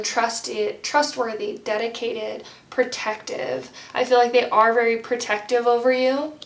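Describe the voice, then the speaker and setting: A young woman delivers a pick-a-card tarot reading in a gentle, heartfelt manner, rambling with plenty of "like". Her voice sits a little high. It sounds roomy and slightly distant, as if she sits back from the microphone. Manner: rambling, heavy use of "like".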